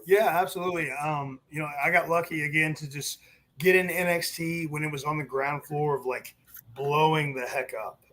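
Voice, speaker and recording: Speaking at normal speed in a slightly high voice, the ex-wrestling referee recounts tales during a relaxed interview. He performs other people's words to him with gusto, cursing and laughing along the way.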